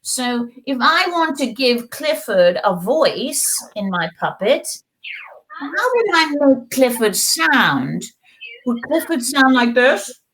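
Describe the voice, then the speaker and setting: Middle-aged woman, children's storytime host, sing-song coaxing voice, high and swooping, slow unhurried delivery. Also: very animated, fairly bright tone, rough recording. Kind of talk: children's storytime and craft lesson in character.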